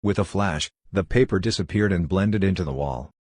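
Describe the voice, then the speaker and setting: Man, audiobook narration, deep, dry studio sound. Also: normal speed, a little mellow, no echo.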